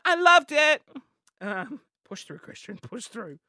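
A young Australian man hosting a solo comedy podcast, rambling along with plenty of self-mockery. His voice is lively and jumps around in pitch. The sound is close and dry, with no room echo. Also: slow. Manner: rambling, self-mocking, animated. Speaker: podcast host.

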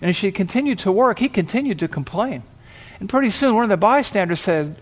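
A man's voice: high voice, lively intonation, fast. A man pastor telling a vivid, dramatic story in his sermon.

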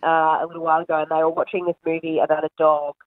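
A woman's voice: low voice, flat delivery, very fast, phone-quality sound. A woman calling in to a radio show, telling a story in a candid, giggly way. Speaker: caller. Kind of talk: phone-in chat.

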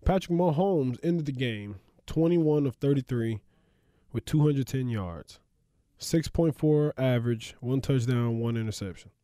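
A man's voice: mid-range voice, measured pace, no echo, studio quality. A man hosting a sports podcast, talking casually with lots of laughs and asides. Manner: animated, laughs often, rambling asides.

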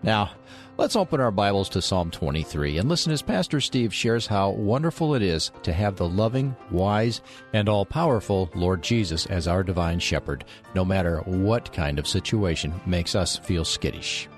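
A man's voice: low voice, animated, moderate pace, faint music behind. A man hosting a radio Bible program, reading a scripted introduction with light humorous asides.

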